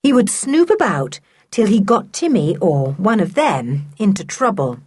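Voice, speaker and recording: Brief: an animated female audiobook narrator with a husky voice. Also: mid-range voice, unhurried. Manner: lively storytelling. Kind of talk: scripted narration.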